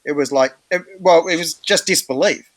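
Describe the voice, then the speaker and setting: A man's voice: on the high side, moderate pace, no echo. An Australian man hosting a casual meeting, telling stories with many fillers and acting out what others said. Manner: chatty, animated, many fillers, acts out quoted voices. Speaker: meeting host. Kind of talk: casual storytelling in an online meeting.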